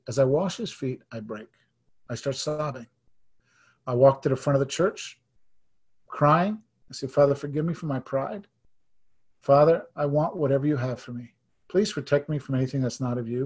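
A husky-voiced man in his fifties preaches to a congregation, telling his story in earnest. His voice drops to a near hush and then rises with emphasis. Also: medium pitch. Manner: earnest storytelling, swings between hushed and emphatic. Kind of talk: sermon testimony.

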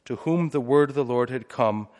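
A male priest retells a scripture story in a sermon, with chatty asides and frequent rhetorical questions. His voice sits at an everyday middle pitch. The sound carries a long reverb, as in a church. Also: normal speed, a little mellow.

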